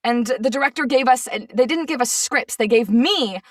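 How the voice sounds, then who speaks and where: A woman voice actress in a casual chat, telling stories in an animated, exasperated way. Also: a little high, moderate pace, dry recording, recorded from a distance. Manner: animated storyteller, gets sassy and exasperated. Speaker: voice actress guest.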